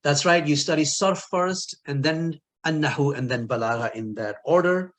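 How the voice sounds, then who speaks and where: A man's voice: a little high, normal speed, a bit bright. Playful male linguistics teacher. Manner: playful, jokes and laughs at his own quiz answers. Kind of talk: recorded online lecture with quiz.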